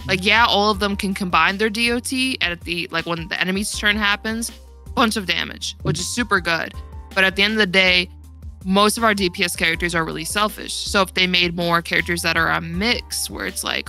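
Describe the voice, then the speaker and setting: A woman's voice: on the low side, steady tone, moderate pace, bright, forceful tone, soft background music. A young woman talking in a casual gaming podcast chat, rambling and laughing often, her voice getting worn. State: losing her voice. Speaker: podcast guest.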